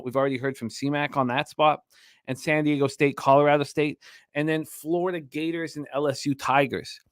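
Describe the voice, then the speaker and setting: A man's voice: a little high, no echo, clean studio sound. A man hosting a sports betting radio show, talking energetically, rambling and throwing in crude jokes.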